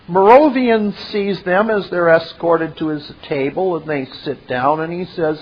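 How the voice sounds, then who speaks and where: Brief: high-voiced male commentator, slow and deliberate, dull lo-fi recording. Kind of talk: retelling a film scene with commentary.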